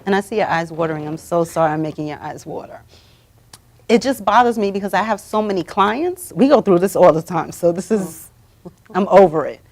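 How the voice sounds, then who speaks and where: A woman hosting a live talk show, coaching her guests to say affirmations out loud. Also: on the low side, lively intonation, brisk. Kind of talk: motivational talk show chat. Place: studio or room, streamed live.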